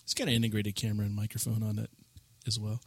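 A man's voice: fairly low pitch, monotone, fast, breathy edge, dry recording. A man co-hosting a casual gaming podcast in a studio, chatting in a rambling way. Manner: chatty, rambling gamer talk. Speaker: podcast co-host. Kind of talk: casual chat.

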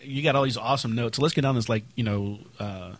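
A man co-hosting a casual gaming podcast, jokey and quick to throw in yelled bits. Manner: jokey, does squeaky character yells. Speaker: podcast co-host.

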